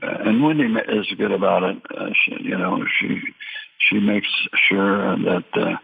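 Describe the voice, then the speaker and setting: An older man, a drummer and producer, telling stories in an interview with many halting restarts and fillers. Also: low-pitched, fairly even intonation, creaky, husky. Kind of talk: storytelling interview. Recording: tinny phone-like line.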